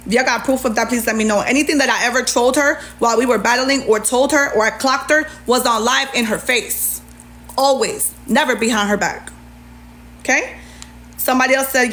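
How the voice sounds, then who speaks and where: A woman's voice: a little high, a bit bright. A woman ranting on a livestream, sassy and indignant as she reads out messages and answers back.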